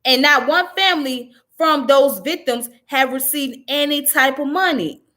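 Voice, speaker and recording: A woman with a somewhat high-pitched voice reads a news article aloud at an even pace. She breaks off often to comment on it. Her commentary is blunt, profane and indignant. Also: unhurried. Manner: indignant, profane, rising to angry outbursts. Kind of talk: reading news and ranting commentary.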